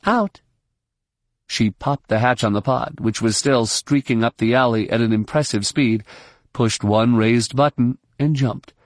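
A man narrating an audiobook in a steady, measured way. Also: mid-range voice, no echo, clean studio sound. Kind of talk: scripted narration.

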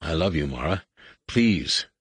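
A man's voice: extremely low pitch, lively intonation, unhurried, slightly rough, dry recording, exaggerated voice. A man voicing a young Jedi pleading with his dying wife, urgent and pleading. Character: anxious young male Jedi husband.

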